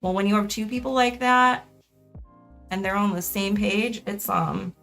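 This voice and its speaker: A woman's voice: mid-range voice, steady tone, a little slow, creaky, a bit bright, faint music behind. A young woman streaming a crafting session in casual chat, rambling, correcting herself and laughing often.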